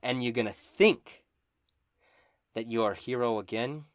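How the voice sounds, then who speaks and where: A man's voice: medium pitch, unhurried, no room sound, studio quality, voice pushed up, close to an everyday voice. A man voicing a menacing male villain who sneers and swears at a fallen hero in a tabletop game. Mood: menacing taunt.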